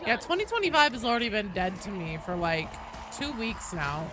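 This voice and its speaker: A woman's voice: mid-range voice, fairly quick. A young woman streaming a game, chatting casually with her chat, answering viewers and swearing now and then. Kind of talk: casual live-stream chat while gaming. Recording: steady background noise behind voice.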